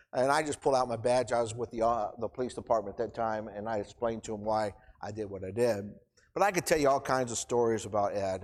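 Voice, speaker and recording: A middle-aged man giving an informal, emotional sermon in church, choked up and rambling with restarts. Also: mid-range voice. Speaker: preacher. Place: church hall. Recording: long church reverb.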